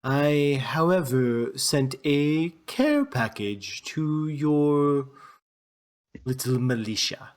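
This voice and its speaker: A man's voice: on the high side, extremely slow, voice pushed up. A man putting on a fussy, vague trader.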